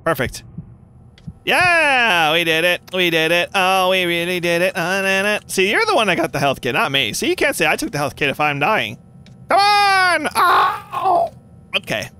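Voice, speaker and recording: A young man giving playful, animated commentary while playing a game, with quick reactions and jokey cries of pain. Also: high voice, clean tone. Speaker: gaming YouTuber.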